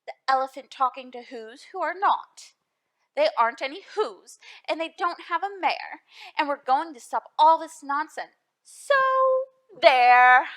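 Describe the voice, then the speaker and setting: Woman reading as high, loud, mocking storybook monkeys, slow-talking. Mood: shouting. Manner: shouting, mocking. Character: rowdy jeering jungle monkeys, male.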